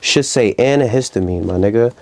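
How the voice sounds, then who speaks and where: A young rapper with a New York accent talks in a dark, mellow voice. He tells stories casually and slips into loud, high acted-out quotes. The tone stays loose and conversational. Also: brisk. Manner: animated storytelling, acts out quotes loudly. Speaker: rapper guest. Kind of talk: casual interview chat.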